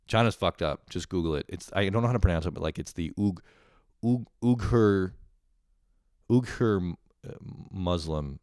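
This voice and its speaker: A man hosting a casual comedic solo rant, excitable and profane, laughing often and buzzing on coffee. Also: sits low, brisk, no room sound, clean studio sound. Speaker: host.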